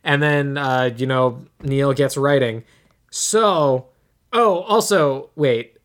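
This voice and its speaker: A man's voice: mid-range voice, takes it slowly, a bit bright. Brief: male podcast co-host, loose and rambling, talks through a movie plot. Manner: rambling, many filler "like"s and restarts. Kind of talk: casual chat recapping a movie.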